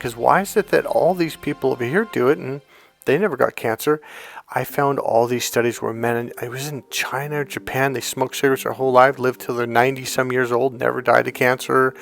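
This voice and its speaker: A man's voice: medium pitch, gravelly. A middle-aged man, a dating coach, telling stories in casual monologue, acting out the people he quotes and swearing freely.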